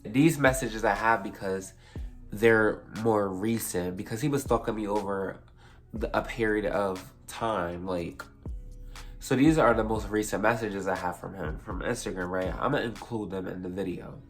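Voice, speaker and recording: A young man rambles through a casual storytime for his vlog, swearing freely and correcting himself along the way. His voice is on the low side at a normal speed, with soft music in the background.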